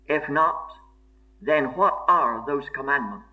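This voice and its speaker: A man's voice: fairly high pitch, big pitch swings, a little slow, pushed and bright. A man preaching a sermon in an earnest, emphatic way, repeating key phrases for stress. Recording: dull lo-fi sermon recording.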